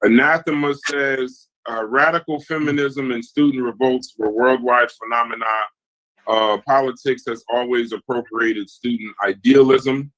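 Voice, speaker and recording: A man's voice: medium pitch, moderate pace, poor audio. A man hosting a podcast debate, reading viewer comments from the chat and jumping between points. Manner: animated, reads chat comments aloud. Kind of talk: heated casual debate.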